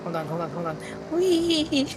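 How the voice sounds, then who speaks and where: A young woman streaming a driving game, excitable and swearing, laughing and talking to her chat. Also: medium pitch, normal speed, background noise. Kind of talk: casual live-stream chat while gaming.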